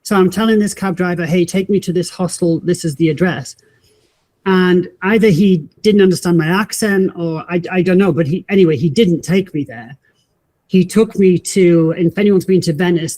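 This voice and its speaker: A woman, a podcast guest telling a personal story in animated fashion, acting out the voices of people she met and often restarting her sentences. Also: on the low side. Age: 50s. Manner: acts out quoted voices, frequent restarts.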